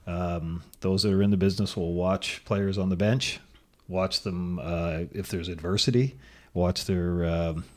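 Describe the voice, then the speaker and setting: Very deep-voiced man chatting sports. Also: steady tone, a little slow. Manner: rambling, anecdotal, many fillers and restarts. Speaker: sports show co-host and father of a university athlete. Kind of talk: casual sports talk chat. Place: radio studio.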